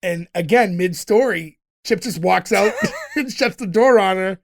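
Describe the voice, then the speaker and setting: A man's voice: sits high, a little slow. A man co-hosting a casual podcast, recapping scenes in detail and laughing often. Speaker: podcast host recapping episodes.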